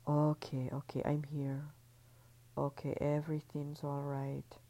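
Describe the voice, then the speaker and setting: A tender, fatherly man who coos soothing words in a hushed whisper, as a woman narrator puts him on. The voice sits low and dark with a gravelly edge. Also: completely flat delivery, slow, poor audio. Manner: soft whispered cooing.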